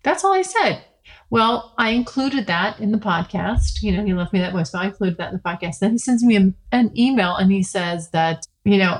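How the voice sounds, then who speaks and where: A woman's voice: medium pitch, lively intonation, a little fast. A middle-aged woman hosting her own podcast, talking frankly and casually, rambling with restarts. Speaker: podcast host. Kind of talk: casual solo podcast talk.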